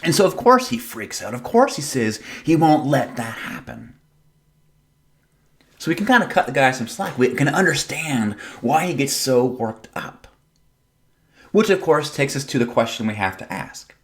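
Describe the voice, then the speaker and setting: A man's voice: medium pitch, sing-song, normal speed, fairly bright tone. A man preaching a sermon as pastor, in a casual, conversational way, retelling the story with playful drama and rhetorical questions.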